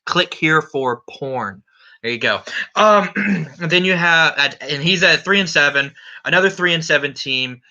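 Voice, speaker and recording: A man's voice: on the high side, animated, normal speed, sharp tone, highs cut off. Brash, profane fantasy league commissioner man. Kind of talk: casual solo podcast recap.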